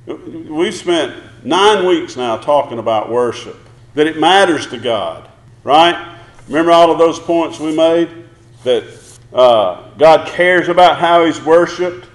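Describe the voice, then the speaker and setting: A man's voice: a little high, animated, slow. A man preaching a sermon, emphatic, asking the congregation one question after another. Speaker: pastor. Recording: roomy echo.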